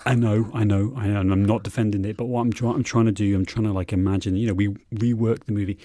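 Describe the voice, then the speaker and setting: A man co-hosting a casual comedic podcast about a movie, rambling and animated, swearing freely. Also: lowish voice, quick pace, no room sound. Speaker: podcast co-host.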